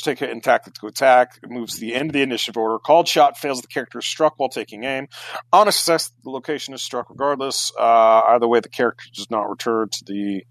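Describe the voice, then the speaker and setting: A man runs a tabletop session as game master in a relaxed, chatty way. His voice sits at a middle pitch and sounds close and dry, with no room around it. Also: no room sound, poor audio. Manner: casual, rules-reading, loose and chatty.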